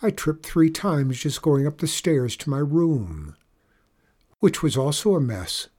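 Husky man narrating a story. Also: very animated, darkish tone. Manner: measured, low-key first-person telling.

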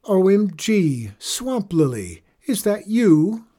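A man's voice: mid-range voice, big pitch swings, unhurried, darkish tone, slightly rough. A man voicing a mocking, dismissive teenage older sister. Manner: sarcastic, dismissive.

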